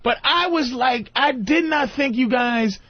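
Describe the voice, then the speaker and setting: A man's voice: extremely high pitch, measured pace, dry recording. A man who is a comedian guest on a radio talk show, teasing the hosts in a mock-serious way and swearing freely. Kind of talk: joking radio chat. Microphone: studio microphone. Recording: muffled radio broadcast.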